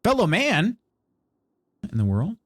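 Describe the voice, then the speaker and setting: A man's voice: high voice, wildly swooping pitch, measured pace, no room sound, studio quality. A man streaming a game live, reading tutorial text aloud and adding playful, wry asides to chat.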